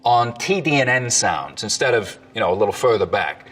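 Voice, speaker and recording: A man, a dialect coach, explaining accents in an educational video with clear, lively delivery. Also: on the low side, moderate pace, few pauses, recorded from a distance, soft background music.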